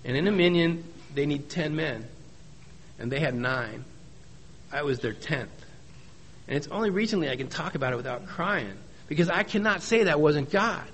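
A man's voice: fairly high pitch, animated, normal speed, fairly bright tone, slight background noise. A middle-aged man giving a personal testimony at a recovery meeting, folksy and joking, repeating key phrases for emphasis. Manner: folksy storytelling with joking asides.

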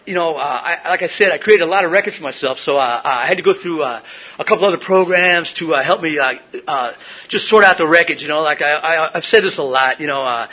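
A middle-aged man tells his recovery story at a meeting, circling back through fillers and false starts. His voice sits fairly high and sounds husky. The recording is dull and lo-fi. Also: fairly quick. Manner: rambling, many fillers and restarts. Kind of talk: personal recovery share. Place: meeting room.

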